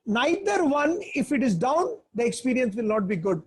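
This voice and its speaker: High, breathy woman teaching slowly. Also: sing-song, darkish tone. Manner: measured, earnest teaching with repeated phrases. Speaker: Vedanta teacher. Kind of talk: spiritual lecture.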